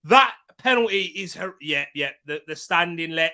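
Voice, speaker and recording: A young man hosting a live football watchalong, chatting casually and bursting into loud excited shouts at big moments. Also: a little high, moderate pace. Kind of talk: live match commentary and chat.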